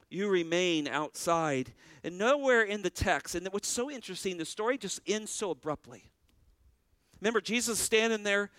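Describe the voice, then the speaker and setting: A man's voice: sits high, a bit bright, smooth, no echo, studio quality. A man preaching a sermon as pastor, earnest, with a rising and falling preaching cadence.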